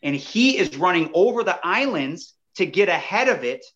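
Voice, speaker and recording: A man with a slightly high voice tells a story as a podcast guest, animated and chatty. He keeps turning to the listeners directly. The audio sounds dull and lo-fi. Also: normal speed. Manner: animated, addresses listeners as "you guys". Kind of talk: casual storytelling.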